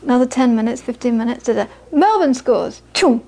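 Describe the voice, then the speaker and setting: A woman teaching Buddhism to a live audience, moving from lively anecdotal storytelling into quiet, reflective teaching. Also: on the high side, brisk, creaky. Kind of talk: dharma talk to a live audience.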